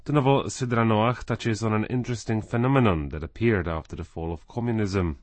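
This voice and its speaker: A man narrating a scripted radio news feature as the reporter, reading in an even, measured way. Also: on the low side, dry recording.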